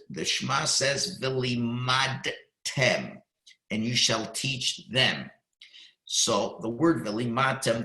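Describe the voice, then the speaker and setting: A man teaching a Talmud class, explaining each phrase and pausing to read Hebrew words slowly and carefully. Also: mid-range voice, vocal fry, sharp tone. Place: synagogue class room. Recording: echoey room.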